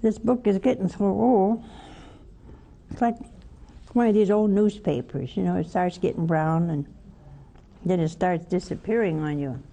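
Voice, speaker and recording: Mellow-voiced nun giving a folksy homily. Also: female voice, lowish voice, a little slow, pauses often. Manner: folksy storytelling with rhetorical questions. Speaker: religious sister preaching. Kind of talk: homily-style spiritual talk.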